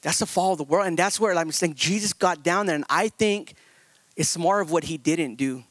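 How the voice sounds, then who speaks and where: High, bright-voiced preacher man. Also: dry recording. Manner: swings from loud, high-pitched emphasis to slow, hushed stretches; repetitive, rhetorical questions to the congregation. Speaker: pastor. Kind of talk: sermon.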